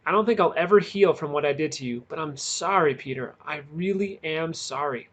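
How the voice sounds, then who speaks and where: A battered teenage boy speaks with earnest, pained sincerity, his voice a touch higher than the reader's own. A man acts him out while reading a storybook aloud. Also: a little fast, a bit bright. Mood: earnest remorse.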